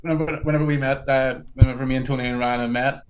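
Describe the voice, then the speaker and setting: A man's voice: medium pitch, level tone, fast talker, muffled recording, slight background noise. A man chatting casually about wrestling on a podcast, rambling with many restarts. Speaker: podcast co-host.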